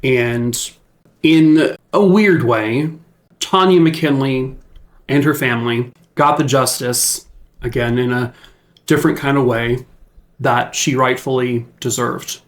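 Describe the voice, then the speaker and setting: A man's voice: mid-range voice, takes it slowly. A man telling a true crime story in casual talk, blunt and emphatic, with lots of fillers. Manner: blunt and emphatic, with jokey sign-off; talks with many fillers and restarts.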